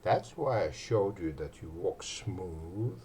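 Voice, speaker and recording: A man with talks in a slow, drawn-out way, pausing on fillers. His fairly low voice swings widely in pitch and loudness. A faint background noise sits under the recording. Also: expressive. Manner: slow, rambling, many fillers, swings between loud and quiet. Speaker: channel host. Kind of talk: casual talk on relaxation and rapport.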